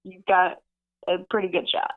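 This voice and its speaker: A woman's voice: lowish voice, flat delivery, normal speed. Wry woman on a tinny phone line. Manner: wry, dry-humored. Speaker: caller. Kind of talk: call-in chat.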